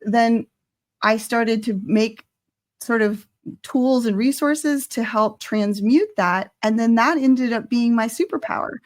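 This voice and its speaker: A woman's voice: fairly high pitch, takes it slowly. Heartfelt woman podcast host. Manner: heartfelt, rambling, with many restarts. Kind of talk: casual conversation.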